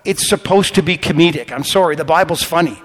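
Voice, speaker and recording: A male pastor preaching a sermon, telling stories animatedly and swinging from quiet asides to loud outbursts. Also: fairly high pitch, quick pace, long reverb tail.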